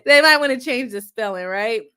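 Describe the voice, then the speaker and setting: A woman's voice: sits high, lively intonation, a little slow, pushed and bright. A young woman, a lawyer hosting a livestream, chatting casually, reading viewer comments and laughing often at herself.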